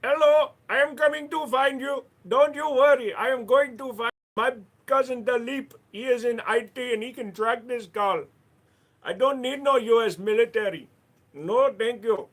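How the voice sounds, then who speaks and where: Brief: shrill, thickly accented, singsong man who apologizes a lot, as a streamer puts him on. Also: fairly bright tone, heavily acted.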